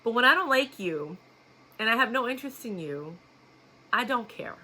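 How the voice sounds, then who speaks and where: A woman's voice: on the high side, expressive, moderate pace, sharp tone, slight background noise. A woman vlogger telling a personal story in a blunt, outspoken way, laughing often. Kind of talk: casual storytelling to camera.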